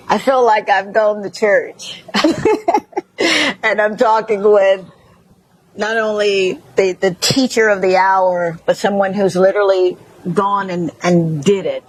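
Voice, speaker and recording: A woman's voice: mid-range voice, no echo, low-quality recording. A woman with a Mississippi accent hosting a talk show, effusive and preachy as she gushes praise and encouragement. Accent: Southern US, Mississippi. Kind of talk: emotional, encouraging chat show closing.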